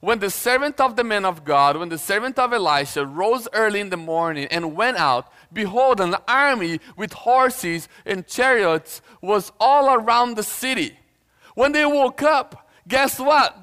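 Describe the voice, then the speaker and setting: High-voiced animated male preacher. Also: a little slow, smooth, in a large hall. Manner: animated storytelling, acts out voices, casual asides. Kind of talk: sermon.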